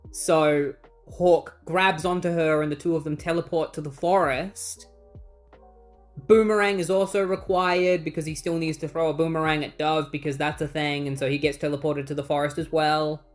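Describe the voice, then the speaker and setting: A man casually recapping a comic book story in a chatty, sarcastic way and acting out the characters. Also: on the high side.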